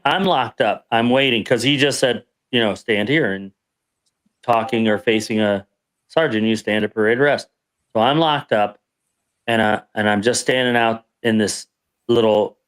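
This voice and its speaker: A man's voice: medium pitch, fairly bright tone. Rambling man telling a service story. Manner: rambling, restarts and self-corrections. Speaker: veteran guest telling a story. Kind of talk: casual storytelling on a podcast.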